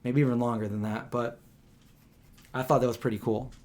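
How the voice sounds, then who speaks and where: A man chatting on a live stream, his pitch sitting in an ordinary middle range. He tells stories animatedly, restarting sentences often and leaning on casual fillers. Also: fairly quick. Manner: animated storyteller, acts out quotes with raised pitch.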